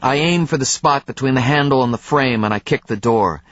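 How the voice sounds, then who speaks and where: A man giving measured, tense first-person audiobook narration. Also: mid-range voice, a bit bright, no room sound, dull audio.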